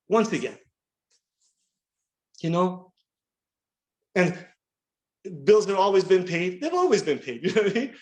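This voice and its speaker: A man in his thirties sharing his recovery story at a workshop, earnest and halting, often repeating words as he restarts. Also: high-pitched, sing-song, a little mellow, poor audio. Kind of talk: personal recovery share.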